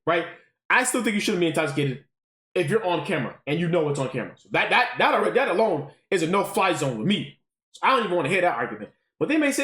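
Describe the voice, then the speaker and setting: A man talking casually to his live-stream chat. He is animated, swears freely and keeps checking in with "right?". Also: high voice, quick pace. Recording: roomy echo.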